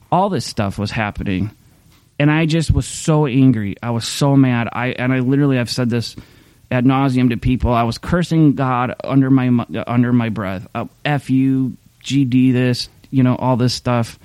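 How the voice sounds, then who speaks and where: Man, pastor, conversational sermon, warm low tone, mid pitch. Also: clear, resonant tone, no room sound. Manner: candid, conversational preaching with restarts. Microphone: streaming camera mic.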